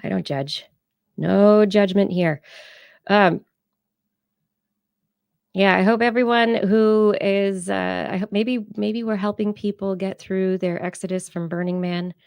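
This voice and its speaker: A woman's voice: medium pitch, steady tone, slow, gravelly, long pauses, darkish tone, smooth, no echo. A woman co-hosting a live science podcast stream, chatting casually and laughing often. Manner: chatty, laughs often, talks to her cats and chat. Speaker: podcast co-host.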